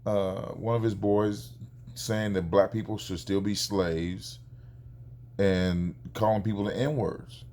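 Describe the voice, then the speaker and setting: Animated man retelling a neighbor dispute. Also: fairly low pitch, slow, slight background noise. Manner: animated, acts out quoted exchanges. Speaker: father telling a neighbor story. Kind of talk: casual vlog storytelling.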